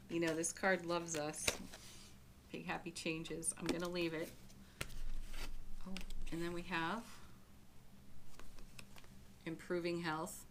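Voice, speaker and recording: A woman giving a spiritual tarot reading to her viewers, speaking gently and often breaking into soft little laughs. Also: fairly low pitch, little pitch movement, takes it slowly, pauses often, background noise. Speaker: tarot reader.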